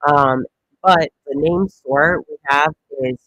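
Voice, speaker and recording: A man's voice: fairly high pitch, takes it slowly, fairly bright tone, no room sound, dull audio. A man hosting a comedic weather livestream, chatting casually and rambling with lots of fillers and jokes. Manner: rambling, joking, many fillers.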